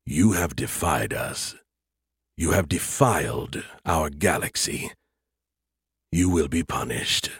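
A man voicing cold, menacing alien beings who speak in a slow, low, ominous monotone. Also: breathy edge, no echo, studio quality, full character voice.

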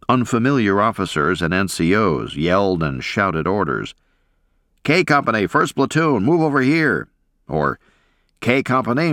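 A man narrating a first-person memoir with a deep voice that rises and falls expressively. His reading is steady and measured, recorded dry and close with no room sound. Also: no room sound.

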